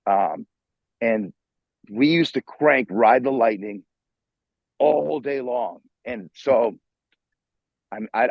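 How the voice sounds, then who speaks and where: In a casual interview, a guitarist guest, a middle-aged New Yorker, recounts a story full of swearing and false starts, animated throughout. His voice is husky and ordinary in pitch. The video call audio is muffled, dull and dry, with no echo.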